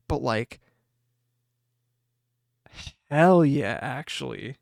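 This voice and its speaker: A young man hosting a podcast, chatting casually and excitedly as he opens card packs and reads the cards aloud. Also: on the high side, normal speed, gravelly, no echo, studio quality. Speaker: podcast host. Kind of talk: casual card pack opening chat.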